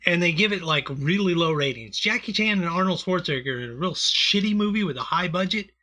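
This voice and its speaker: Bright-toned man rambling on a comedy podcast. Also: sits high, expressive, fairly quick. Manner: rambling, profane, full of fillers. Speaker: podcast co-host. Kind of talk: casual comedy chat.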